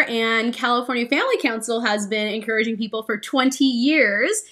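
A young adult woman co-hosting a podcast, telling a personal story in an earnest, animated way with frequent ums and likes. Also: a little high. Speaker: podcast co-host.

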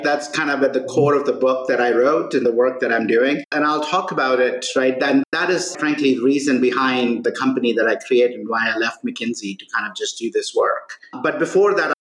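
A man talks as a podcast guest, earnest and animated as he tells a story. His voice sits at a middle pitch. The recording carries a noticeable roomy echo. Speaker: guest, author and consultant.

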